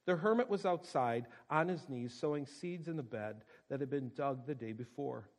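A man reading a story aloud in a steady, expressive storytelling manner. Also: medium pitch, moderate pace, low-quality recording. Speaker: narrator.

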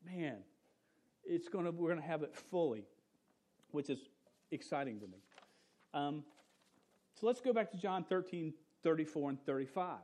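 A young adult man giving a casual sermon as a pastor, talking loosely with lots of "dude" and "man," and trailing off quietly at the ends of his points. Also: fairly high pitch, lively intonation, moderate pace, long pauses.

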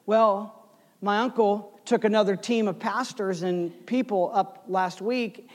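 A man in his forties preaching a sermon, telling a story with swings between loud bursts and hushed asides. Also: high voice, steady tone, takes it slowly, big-room sound. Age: 40s. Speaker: pastor.

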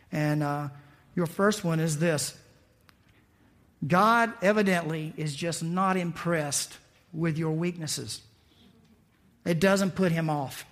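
A male pastor giving a conversational, animated sermon, acting out the people he quotes. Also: fairly high pitch.

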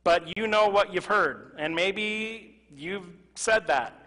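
A male pastor preaching a sermon to his congregation, moving from loud emphatic exclamations to quiet, earnest asides. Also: high-pitched, slow. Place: church sanctuary. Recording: reverberant church hall.

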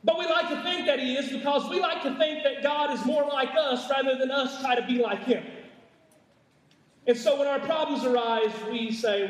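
A man's voice: very high-pitched, normal speed. A man preaching a sermon to his congregation, with emphatic repetition and frequent stammering restarts. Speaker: pastor. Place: church sanctuary. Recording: echoey church hall, mic far off.

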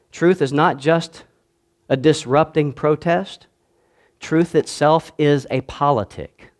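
A man preaching a sermon as pastor, swinging between loud declaiming and quiet asides and calling on the congregation to answer back. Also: mid-range voice.

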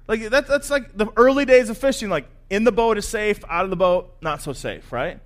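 High-voiced man preaching casually. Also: a little fast. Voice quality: conversational, animated storytelling. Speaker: pastor. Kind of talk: sermon.

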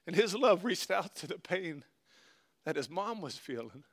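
A man preaching a sermon and reading scripture aloud, earnestly swinging between loud stresses and hushed, slowed phrases. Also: high-pitched, lively intonation. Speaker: pastor.

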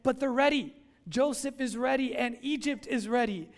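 Male pastor, sermon, animated storytelling, very high pitch, gravelly edge. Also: moderate pace. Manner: animated storytelling, acting out dialogue.

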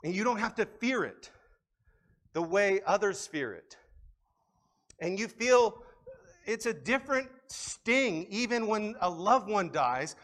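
A man with a fairly high voice delivers a sermon from the pulpit. He talks casually and with animation, repeating and restarting words as he builds his points. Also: slow, long pauses. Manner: conversational, animated preaching with frequent restarts. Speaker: pastor.

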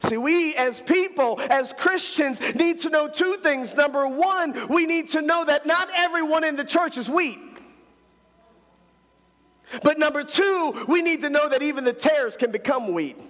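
A man's voice: very high-pitched, unhurried, a bit bright. A man preaching a fervent sermon as pastor, often repeating words as he builds emphasis, heard in a church sanctuary. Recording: long hall reverb.

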